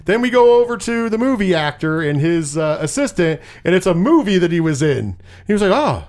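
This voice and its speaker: A man's voice: sits high, big pitch swings, brisk, a little mellow. Chatty swearing man recapping a movie. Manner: rambling, swears freely, acts out quotes. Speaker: podcast co-host. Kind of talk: casual movie recap chat.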